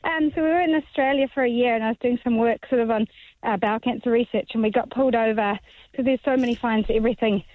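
A woman's voice: fairly high pitch, fast talker, no echo. A woman calling into a radio show, telling a chatty story over the phone. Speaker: caller. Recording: tinny phone line.

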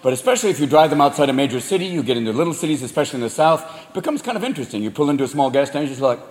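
A man doing crude, animated stand-up comedy on a live stage. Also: on the high side, rapid-fire, slight background noise. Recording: live hall echo, loud crowd.

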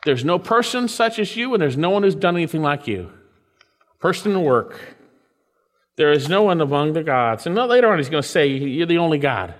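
A man preaching a sermon. He reads scripture aloud with rising emphasis and then drops into soft asides. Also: on the high side, sing-song, moderate pace, long reverb tail.

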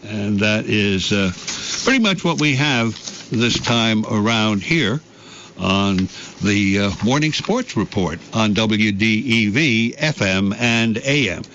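A man's voice: on the low side, expressive, slow pace, a bit bright, a little hiss or hum. A man hosting a morning radio sports report, reading scores in a folksy, rambling way with many fillers. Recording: dull lo-fi broadcast.

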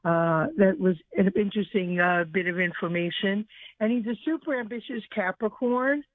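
A woman's voice: mid-range voice, moderate pace, no echo. A woman calling in to a radio show, speaking steadily with an informative tone and the occasional filler. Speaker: caller. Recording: tinny phone line.

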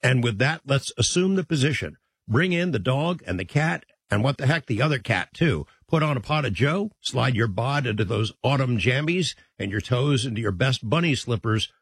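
A man opens a late-night radio show in a relaxed, folksy way, tossing in chatty asides as he runs through the night's items. His voice is a little husky, and the close studio mic gives it a dry, intimate sound with no room around it. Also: mid-range voice, moderate pace, dry recording. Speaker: radio host.

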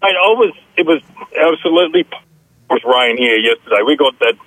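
Hesitant Aussie joke caller, husky and dry. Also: male voice, mid-range voice, fairly quick, a bit bright, no room sound, low-quality recording. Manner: hesitant, lots of ums. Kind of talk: phone-in joke telling.

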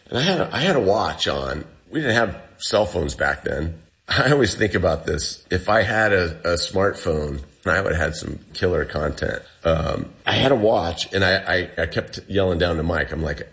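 A man's voice: low-pitched, unhurried. A man being interviewed, recounting a survival ordeal in casual storytelling, acting out what people said. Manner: animated, acts out quoted dialogue. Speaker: guest telling a survival story.

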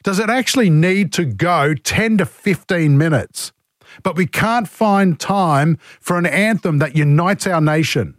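Blunt Australian talk radio host. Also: male voice, fairly high pitch, unhurried, no room sound, clean studio sound. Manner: blunt, opinionated, indignant. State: has a cold. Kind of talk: talkback radio, reading listener texts. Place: radio studio.

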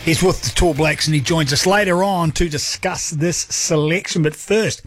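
Brief: male NZ-accented sports radio host, slightly high voice, a bit husky, dry studio sound with faint music underneath. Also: moderate pace, fairly bright tone, no room sound. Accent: New Zealand. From New Zealand. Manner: upbeat, chatty and jokey. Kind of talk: talk radio hosting. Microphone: studio microphone.

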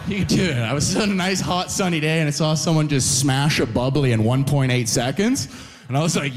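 Lively Canadian stand-up comic, high-pitched. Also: male voice, brisk, in a large hall. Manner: animated storytelling with frequent "right?" and "you know?" asides. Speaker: stand-up comedian. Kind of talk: stand-up comedy routine. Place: live comedy venue.

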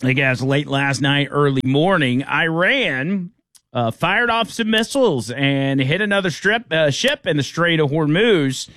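A man's voice: on the high side, animated, unhurried, fairly bright tone, no room sound, clean studio sound. A man hosting a casual radio talk show, rambling with frequent restarts.

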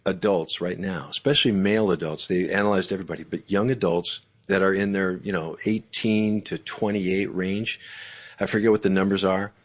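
A man guesting as an author, speaking in an animated, emphatic, preacherly way about faith and communication. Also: deep voice, moderate pace. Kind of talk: faith-based interview talk.

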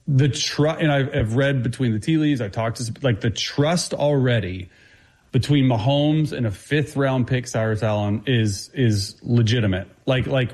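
A man who is a guest football analyst, talking quickly and confidently through his breakdown, with frequent restarts. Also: medium pitch, darkish tone. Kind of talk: casual sports talk.

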